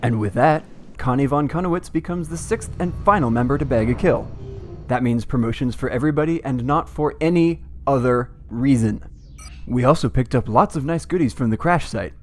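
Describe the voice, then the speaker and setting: Sarcastic deadpan man narrating gameplay. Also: mid-range voice, brisk, soft background music. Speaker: gameplay commentator. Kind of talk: comedic scripted let's-play commentary.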